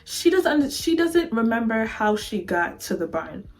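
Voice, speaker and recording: A woman's voice: on the high side, moderate pace. A woman vlogger giving a casual, dramatic storytime recap of a novel, acting out the characters as she goes. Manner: animated, dramatic, acts out characters.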